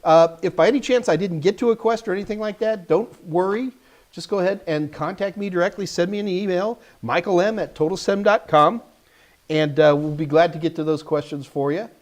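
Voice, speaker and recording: A man's voice: high-pitched, fairly quick. A man hosting a live stream, answering viewers' tech questions in a casual, joking way and talking straight to the chat.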